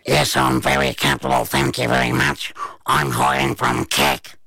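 A man voicing a cheerful talking didgeridoo hiding in a boy's mouth, speaking slowly and deeply with an Australian accent. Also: lively intonation, vocal fry, sharp tone, no echo, studio quality, heavily acted.

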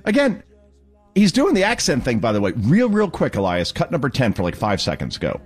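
A man's voice: a little fast, breathy edge. A man hosting a talk radio show, delivering sarcastic, mocking political commentary. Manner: sarcastic, mocking, lively pitch swings.

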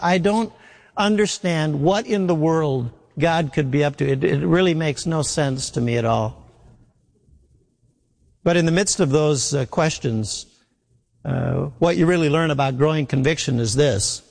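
A man preaching a sermon as a pastor, earnest and repeating his key phrases, with frequent small stumbles. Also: on the high side. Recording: long hall reverb.

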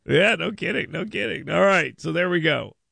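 A man's voice: fairly high pitch, expressive, normal speed, vocal fry, sharp tone, breathy edge, dry recording. A man hosting a radio call-in show in a studio. He chats casually, rambles, repeats words and laughs often. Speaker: radio talk show host. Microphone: studio mic.

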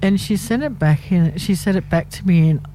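A woman's voice: lowish voice, moderate pace, dark tone, slight background noise. A middle-aged woman, co-hosting a radio show in casual, teasing banter, laughing often and cutting in. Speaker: radio co-host.

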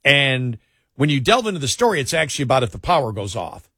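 A man's voice: mid-range voice, sing-song, fast, bright, forceful tone, husky, no room sound, clean studio sound. A middle-aged man hosting a talk radio show, telling a story with an amused, scoffing tone. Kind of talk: casual talk radio commentary. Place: radio studio.

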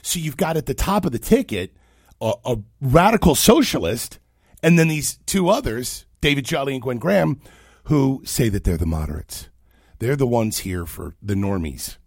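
A man's voice: mid-range voice, expressive, normal speed, vocal fry, no room sound, clean studio sound. A man hosting a talk show, giving opinionated, mocking political commentary.

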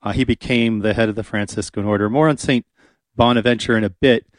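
A man's voice: medium pitch, fairly even intonation, fast talker, dry recording, studio quality. A man hosting a radio talk show, talking casually and chattily with frequent fillers. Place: radio studio. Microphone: studio microphone.

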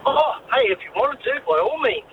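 A man's voice: very high voice, very animated, fairly quick. A man calling in to a radio show, laid-back and easygoing. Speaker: caller. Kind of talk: casual phone-in chat. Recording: tinny phone line with faint hiss.

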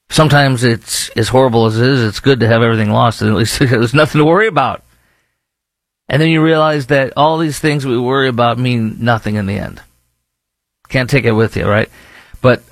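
A man's voice: on the low side, no room sound. A man with a Texan accent hosting a talk show, rambling through casual commentary with frequent restarts and fillers. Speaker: show host.

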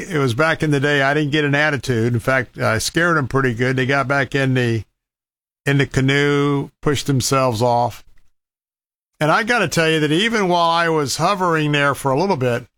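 Guy telling an outdoors story, folksy and emphatic, kinda high voice, dry close sound. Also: moderate pace, fairly bright tone, no room sound. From Florida. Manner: folksy, emphatic warnings with repeated words. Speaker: outdoor storyteller giving wildlife safety advice. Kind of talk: casual storytelling monologue.

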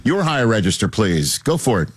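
A man hosting a casual sports talk show in a playful, lively way. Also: brisk, breathy edge, no echo. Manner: lively, playful, jumps up in pitch. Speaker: host.

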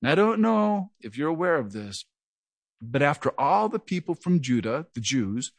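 On the high side and at a moderate pace, a middle-aged pastor's voice carries an earnest, lively verse-by-verse Bible teaching. He tells listeners he stutters and sometimes repeats words, and there's no room sound.

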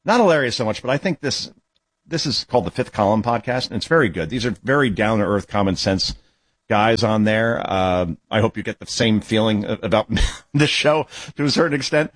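A man's voice: on the low side, lively intonation, a little fast, no echo. An older man hosting a talk radio show, giving sardonic commentary between clips with mocking asides.

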